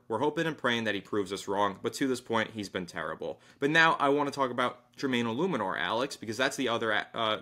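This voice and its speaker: A man's voice: mid-range voice, bright, forceful tone. A man co-hosting a sports podcast, chatting casually about football picks and betting lines. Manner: enthusiastic, reads sponsor plug.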